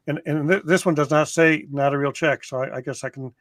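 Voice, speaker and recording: A man, the show's producer, calmly explaining things in casual podcast chat. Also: fairly high pitch, brisk. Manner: matter-of-fact, explaining. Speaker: producer and director.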